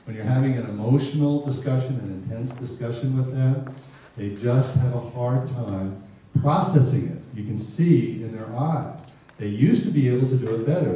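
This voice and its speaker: A man lecturing parents with a dark, mellow voice, joking and acting out little scenes between parents and teens. He is recorded from a distance in a roomy, echoing hall, with faint ambient noise behind him. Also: mid-range voice. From Ireland. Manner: jokey, acts out parents and teens in quick voices. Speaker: speaker giving a parenting talk. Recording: far, echoey hall recording.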